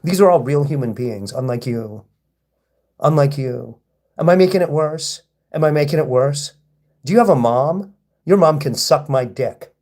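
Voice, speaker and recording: A man's voice: fairly high pitch, animated, moderate pace, darkish tone. A man on a live stream who reads viewer comments aloud and answers them, taunting, provoking and swearing at his hecklers. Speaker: livestreamer. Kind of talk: live stream reading chat comments and replying.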